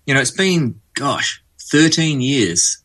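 A man's voice: medium pitch, big pitch swings, takes it slowly, fairly bright tone. A man in his forties with an Australian accent, chatting as an interview guest and telling stories with many fillers. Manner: chatty, storytelling, frequent fillers. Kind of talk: relaxed conversational interview.

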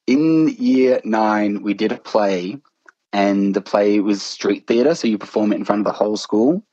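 A man's voice: lowish voice, slow, warm tone, dry recording, highs cut off. A man, a podcast guest, telling a story in casual chat and laughing at himself as he goes. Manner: laughs through his own stories, self-mocking.

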